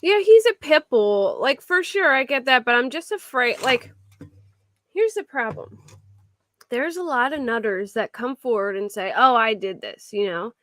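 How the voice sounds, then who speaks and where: A woman's voice: a little high, expressive, a little slow, a bit bright. A woman hosting a true crime livestream, chatting casually with viewers in a rambling way, full of restarts. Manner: rambling, restarts and filler words. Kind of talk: casual chat reacting to viewer comments.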